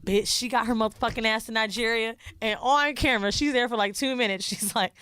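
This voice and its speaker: In casual chat on a podcast she co-hosts, a young woman retells a reality show, swearing freely and acting out the quotes with animation. Her voice is on the high side, clear and resonant, moving a little fast with hardly any pauses. It's a clean studio recording without echo.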